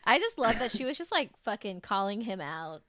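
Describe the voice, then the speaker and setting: A chatty woman co-hosting a podcast who teases her partner and laughs easily. Her voice is bright and forceful, recorded close and dry. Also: a little high, very animated, fairly quick, dry recording. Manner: teasing, chatty, laughs often. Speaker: podcast co-host. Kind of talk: casual chat.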